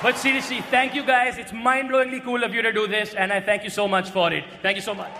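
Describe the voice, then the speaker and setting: A man doing a stand-up roast set, brash and often shouting his punchlines on a stage mic. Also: high voice, flat delivery, fast talker. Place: large hall with a live audience. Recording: echoey hall, loud crowd and noise.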